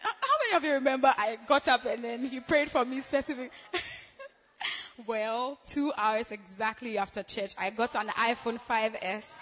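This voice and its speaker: A young woman from Ghana giving a giggly, excitable church testimony, laughing often between phrases. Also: a little high, moderate pace, big-room sound, dull audio, some chatter behind. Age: young adult.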